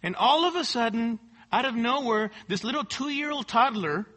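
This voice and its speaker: Bright, high-voiced preaching man. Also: lively intonation, normal speed. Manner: emphatic, repeats key words, frequent rhetorical "right?". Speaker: pastor. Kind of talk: expository sermon. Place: church service.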